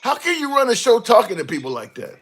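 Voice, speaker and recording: A man hosting a live stream, speaking haltingly and repeatedly trying to cut in during a debate. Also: extremely high pitch, wildly swooping pitch, a bit bright, breathy edge.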